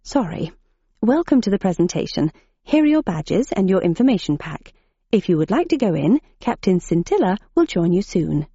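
A woman's voice: mid-range voice, sing-song, moderate pace, warm tone, slightly rough, dry recording. A woman voicing a flustered female registration clerk who apologizes and gushes, chattering on. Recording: dull muffled audiobook recording.

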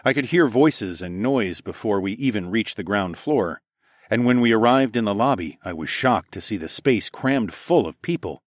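A man narrating a first-person story in a relaxed, expressive audiobook reading. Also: lowish voice, moderate pace, dry recording, studio quality.

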